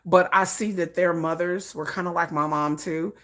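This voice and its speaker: On a live stream, a woman animatedly tells personal family stories, laughing often and repeating or restarting phrases. Her pitch is fairly low and her pace moderate.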